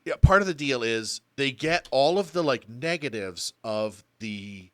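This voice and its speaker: A man's voice: mid-range voice, expressive, unhurried, fairly bright tone, clean tone, no room sound. A man co-hosting a podcast, talking casually and bluntly about an old film and swearing freely. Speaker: podcast co-host.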